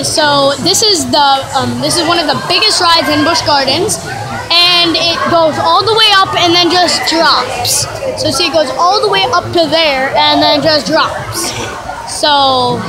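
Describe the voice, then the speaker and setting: A woman vlogging casually on a phone at a theme park, chatty and excitable. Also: high-pitched. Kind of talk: casual handheld vlog narration. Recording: noisy outdoor park ambience.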